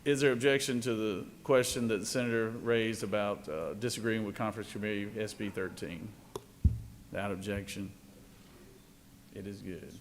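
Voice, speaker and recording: A man presiding over a legislative floor session, moving between formal procedure and relaxed joking. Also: fairly low pitch, moderate pace, a little hiss or hum. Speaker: presiding officer of a state senate.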